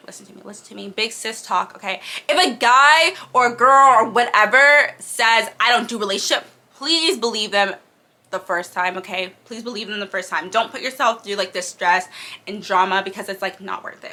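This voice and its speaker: A young woman in her twenties chatting excitedly about books, filling her talk with "like" and breaking into sudden squeals. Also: on the high side. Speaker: book vlogger. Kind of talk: casual chat.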